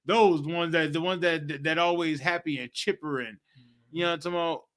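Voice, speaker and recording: A young man leads a streamed scripture class in animated slang, talking straight to his listeners. His voice sits high and sounds bright and edged. He keeps checking in with "you feel me". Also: a little fast. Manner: animated, street slang, repeats "you know what I'm talking about". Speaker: teacher leading a live-streamed scripture class. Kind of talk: casual slangy preaching commentary.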